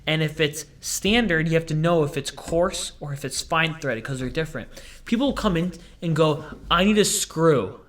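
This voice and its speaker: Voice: mid-range voice, normal speed, fairly bright tone. A young hardware store worker telling a casual vlog story in a rambling, digressive way, full of "like".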